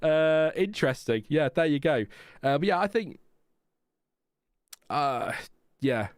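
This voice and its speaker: A man's voice: a little high, expressive, slow, dry recording, studio quality. A man hosting a casual live watchalong stream, chatting frankly and rambling with fillers. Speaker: livestream host.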